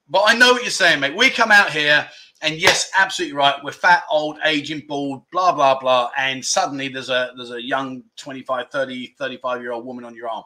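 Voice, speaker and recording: Chatty bright-voiced English man. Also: mid-range voice, fairly quick. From England. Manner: chatty, rambling, self-deprecating. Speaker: livestream host. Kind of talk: casual live chat reading viewer comments. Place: indoors at home.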